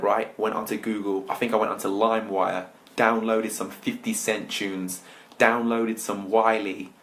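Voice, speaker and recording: Man, young, fairly low voice, lively storyteller who talks straight to the crowd. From England. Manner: lively, chatty, speaks straight to listeners. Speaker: motivational speaker. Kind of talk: storytelling talk to an audience.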